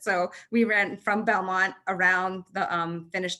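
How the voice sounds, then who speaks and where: A woman in her thirties, a marathon runner, telling stories in an interview on a video call, animated, with quick restarts and fillers. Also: on the low side. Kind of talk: conversational interview storytelling.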